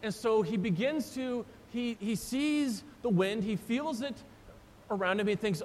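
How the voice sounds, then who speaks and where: High-voiced man preaching in a reverberant church. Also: measured pace. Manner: animated storytelling, acting out the disciples' cries. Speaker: pastor. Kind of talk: sermon. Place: church sanctuary. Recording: long church reverb, faint rumble.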